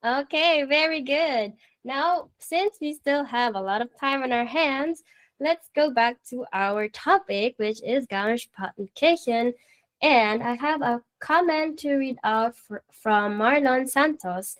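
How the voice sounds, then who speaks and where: A woman's voice: sits high, takes it slowly, fairly bright tone. A woman hosting a live radio talk show, cheerful and laughing often.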